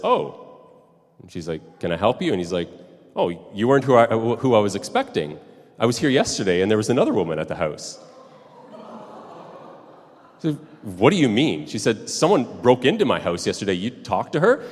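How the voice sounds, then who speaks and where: Low-voiced male pastor in a reverberant hall. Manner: conversational storytelling, many fillers. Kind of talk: sermon with opening anecdote.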